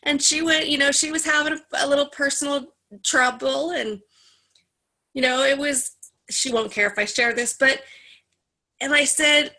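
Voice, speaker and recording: Woman, high bright voice, animated personal storyteller in a support group. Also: normal speed. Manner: animated storyteller, acts out others' lines in a higher voice. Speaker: group member sharing a story. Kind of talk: casual personal sharing in a group session.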